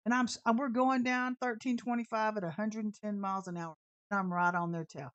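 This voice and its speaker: A woman's voice: medium pitch, steady tone, fast, clear, resonant tone, no echo. A woman preaching an informal sermon in a fiery, sassy, emphatic way.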